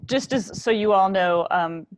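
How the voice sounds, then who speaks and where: A woman's voice: medium pitch, measured pace, dry recording. A woman hosting a video-call discussion, talking conversationally with fillers.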